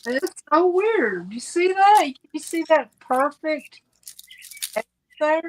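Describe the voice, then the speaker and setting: High-voiced woman crafter, casual. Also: very animated, slow, slight background noise, poor audio. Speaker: guest crafter.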